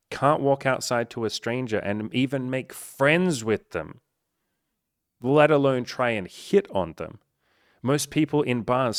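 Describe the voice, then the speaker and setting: A man's voice: medium pitch, no room sound, studio quality. A man speaking as a dating coach in a blunt, profane, emphatic motivational monologue.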